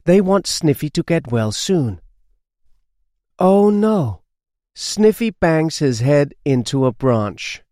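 A man narrating a children's storybook, slow and clear. His voice is fairly high with lively, expressive melody. The recording is dry and close. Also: no room sound. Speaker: audiobook narrator.

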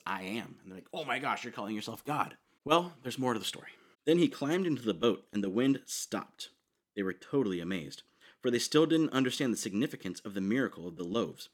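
Animated, chatty male preacher. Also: medium pitch. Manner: casual and conversational, with frequent "like" and "right?". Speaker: pastor. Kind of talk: sermon.

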